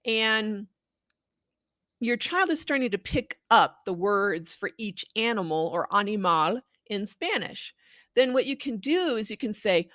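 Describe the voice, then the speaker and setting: A woman educator giving clear, patient instructions on how to read a picture book aloud to a child. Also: mid-range voice, big pitch swings, a little slow, fairly bright tone, dry recording, studio quality. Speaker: Spanish language educator. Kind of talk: instructional talk on reading aloud.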